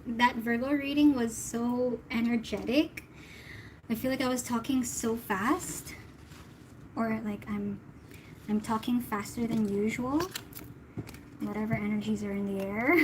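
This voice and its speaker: A woman's voice: a little high, a little hiss or hum, poor audio. A woman from the Philippines, a tarot reader chatting casually with her livestream viewers in a giggly, talkative way.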